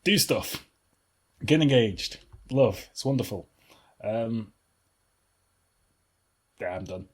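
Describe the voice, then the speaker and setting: A man's voice: fairly low pitch, animated, takes it slowly, long pauses, husky. A man, hosting a podcast in casual chat, laughing often and rambling. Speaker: podcast host.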